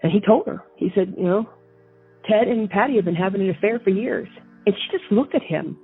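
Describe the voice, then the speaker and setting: A woman's voice: medium pitch, a little fast, slightly rough. A woman guest telling a personal story in an indignant way, often repeating herself and restarting. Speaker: interview guest recounting events. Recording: tinny phone line with faint music.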